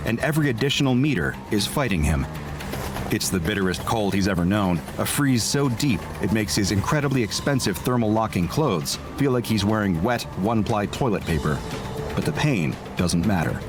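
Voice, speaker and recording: A man with a fairly low voice narrates a scripted, suspenseful story, measured and steadily building tension. Music plays clearly behind him. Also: expressive.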